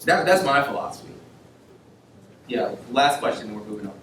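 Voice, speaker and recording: A young man, a medical student, giving an animated, informal workshop talk to students and acting out bits of dialogue. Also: mid-range voice, brisk. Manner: animated, laughing, acts out dialogue. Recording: echoey room, mic far off, faint noise.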